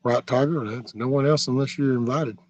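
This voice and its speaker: A man's voice: mid-range voice, fairly even intonation, fairly quick, a little mellow, no room sound, lo-fi sound. A man hosting a livestream, rambling through folksy stories with mild cursing as he answers viewer comments. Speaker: livestream host.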